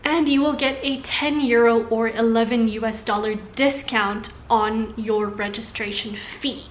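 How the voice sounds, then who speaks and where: A young woman chatting to camera about language learning, upbeat and quick to laugh. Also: a little high, reverberant, slight background noise. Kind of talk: casual talk to camera. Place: room indoors in Singapore during a thunderstorm.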